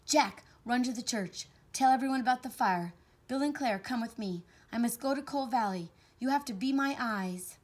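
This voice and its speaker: A kind, gentle man from a children's storybook, as a woman reads him aloud. His voice is soft and breathy, calm and caring even when urgent. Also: fairly high pitch, moderate pace. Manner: gentle and tender.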